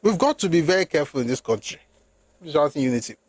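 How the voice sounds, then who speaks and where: A political commentator, a man with a fairly high voice, delivers an opinionated monologue at a quick, animated pace with no echo. He is emphatic and rhetorical, slipping into phrases, switching between English and Yoruba, and rising into indignant outbursts.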